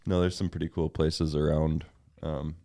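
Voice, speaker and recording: Very deep-voiced young man, joking around. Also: flat delivery, normal speed, warm tone, no room sound, clean studio sound. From Wisconsin. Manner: loose, joking, says "dude" a lot. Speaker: podcast co-host. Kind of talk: casual chat.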